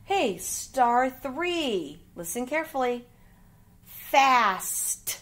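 Midwestern woman, grade-school phonics teacher, unhurried and deliberate, spells words letter by letter. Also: fairly high pitch. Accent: American Midwest. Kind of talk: phonics lesson for young children.

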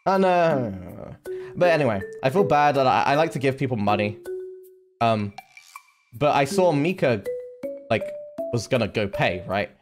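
A man's voice: mid-range voice, unhurried, long pauses. Young guy ranting a story on stream, cusses a lot, music in the background. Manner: animated, heavy swearing, lots of fillers and restarts. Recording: music playing behind.

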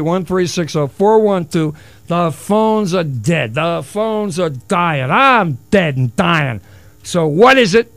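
A man's voice: fairly high pitch, dry recording. A middle-aged man hosting a solo radio talk show, rambling and wisecracking with self-mocking asides. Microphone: studio broadcast mic.

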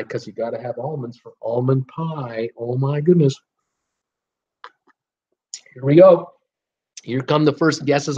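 Chatty man hosting a live quiz, lo-fi sound. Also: sits high. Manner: chatty and encouraging, with frequent "uh" and "um" pauses. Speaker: host of a live trivia stream. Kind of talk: casual live-stream quiz, reading viewer guesses aloud.

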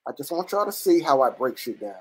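A livestream host giving blunt, profane, combative commentary that keeps restarting and rises into near-shouts. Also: mid-range voice, sing-song, fast talker, slightly rough, low-quality recording. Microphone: computer or phone mic on a live stream.

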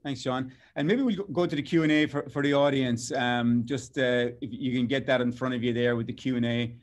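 A man with an Irish accent moderating a panel, reading audience questions in a casual, halting way. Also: mid-range voice, fairly even intonation.

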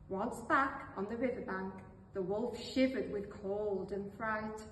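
A woman reading a storybook tale aloud slowly and expressively. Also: medium pitch. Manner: slow, expressive. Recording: echoey hall, voice from far off.

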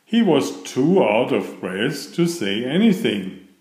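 Man reading a kids' book aloud, unhurried, lively pitch, roomy echo. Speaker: storybook reader. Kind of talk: children's read-aloud narration. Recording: echoey room.

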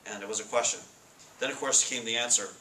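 Bright-voiced man preaching to students. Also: medium pitch, fairly even intonation. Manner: casual, asks the room questions, reads scripture slowly. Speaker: Bible study speaker. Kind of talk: casual sermon to students. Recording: echoey room with faint noise.

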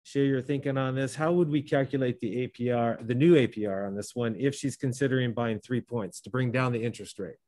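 A man teaches a class, walking through each step aloud and stopping now and then to correct himself. His voice sits at an ordinary pitch. The sound is dry and close, with little room echo. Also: fairly even intonation, a little fast, hardly any pauses, darkish tone. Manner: talks through steps, self-correcting. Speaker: math teacher. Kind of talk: classroom lesson.

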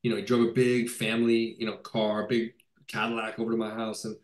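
A man's voice: on the low side, flat delivery, a little fast. A male film director in a casual video-call interview, talking enthusiastically with many fillers and restarts. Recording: roomy echo.

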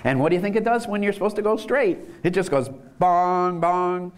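A man's voice: high-pitched, animated, fast talker. A man giving an enthusiastic conference lecture, chuckling as he explains ideas. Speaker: lecturer on universal design.

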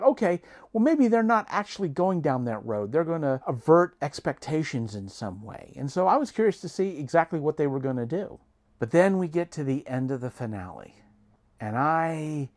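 A man vlogging an opinionated TV review monologue, earnest and emphatic, reasoning point by point. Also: on the high side.

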